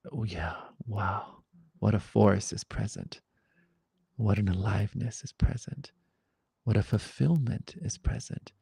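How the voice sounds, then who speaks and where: Gravelly low-voiced man teaching satsang. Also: dry recording, studio quality. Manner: reflective, gentle, wandering pauses. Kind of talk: spiritual dialogue.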